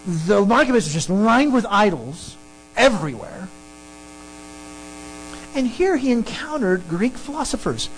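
A pastor preaching a sermon and teaching through a Bible passage, emphatic and animated. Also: unhurried, long pauses, a little hiss or hum, poor audio. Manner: animated, emphatic preaching with sudden pitch jumps.

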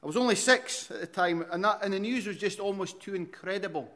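Scottish pastor in his 40s, aberdeen accent, bit higher voice, earnest preaching, restarts a lot. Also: a little fast, a bit bright. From Aberdeen, Scotland. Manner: earnest preacher, frequent restarts, rises in volume when telling stories. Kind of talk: sermon.

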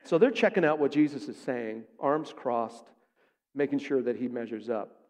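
A man's voice: mid-range voice, normal speed, a little mellow. A man preaching a sermon as pastor, speaking emphatically and putting rhetorical questions to his congregation. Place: church sanctuary. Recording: long reverb of a large sanctuary.

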